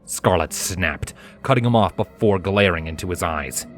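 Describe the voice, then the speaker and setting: A man reading fan fiction aloud in a measured, dramatic narration. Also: low-pitched, slight background noise. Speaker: fanfiction reader. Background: faint background music.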